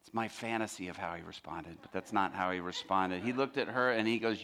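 A male pastor telling a story in a sermon, animated and acting out every character's lines. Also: low-pitched, a little fast, hardly any pauses.

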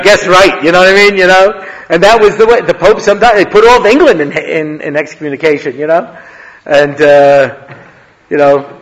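A high-pitched man teaches a casual Torah class, chatty and full of jokes and asides. His voice rings with a long reverb from a lecture hall. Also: fairly bright tone. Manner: chatty, joking, peppered with "you know". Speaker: rabbi giving a Torah class.

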